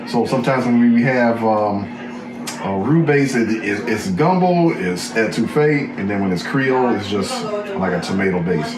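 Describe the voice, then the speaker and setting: A man's voice: on the low side, animated, moderate pace, echoey room, crowd noise. A man hosting, walking through a cooking demonstration in a casual, chatty way and often repeating himself. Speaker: host.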